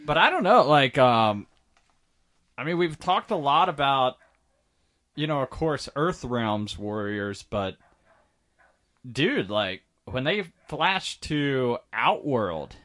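A man's voice: mid-range voice, big pitch swings, takes it slowly, a bit bright. A man co-hosting a podcast in casual chat, hesitant and rambling, with lots of fillers and casual swearing. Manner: hesitant, full of "you know" and restarts, swears casually. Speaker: podcast co-host.

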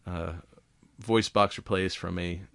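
A man's voice: deep voice, steady tone, slow pace, creaky, fairly bright tone, no room sound. A man co-hosting a casual podcast, reading science news in a rambling way with lots of fillers, swearing and laughs.

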